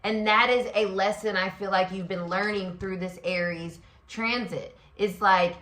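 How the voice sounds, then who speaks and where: The speaker, a woman who reads tarot and hosts astrology shows, does a solo reading with an unhurried, medium-pitched voice that's bright and forward. She's expressive and chatty, leaning on lots of fillers and performing inner voices. There's a noticeable echo from the room.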